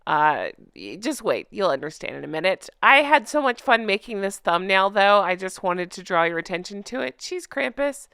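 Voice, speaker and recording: A woman's voice: mid-range voice, normal speed, vocal fry, hardly any pauses, clean tone, dry recording, studio quality. A woman hosting a commentary show, chatting sarcastically and laughing a lot as she mocks a news story. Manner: laughing, mocking, animated. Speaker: host.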